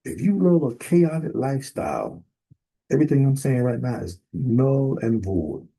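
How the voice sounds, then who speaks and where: A man ministering in a sermon, emphatic and building to sudden forceful bursts. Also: mid-range voice, sing-song, moderate pace, gravelly, husky, low-quality recording. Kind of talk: preaching sermon.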